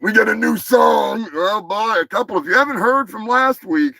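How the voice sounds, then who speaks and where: A man hosting a live stream, rambling crude jokes and shouting greetings to chatters. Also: sits high, animated, moderate pace, no echo, rough recording. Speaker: live show host. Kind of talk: crude casual livestream banter. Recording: music playing behind the voice.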